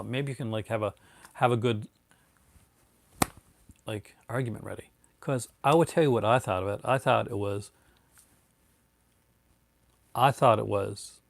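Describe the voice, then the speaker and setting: A laid-back man in his thirties chats on a live stream, rambling along with fillers, restarts and the odd "man". His voice sits at a middle pitch and sounds dry and close, with no room around it. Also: creaky, no echo. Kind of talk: casual live-stream chat, answering viewers.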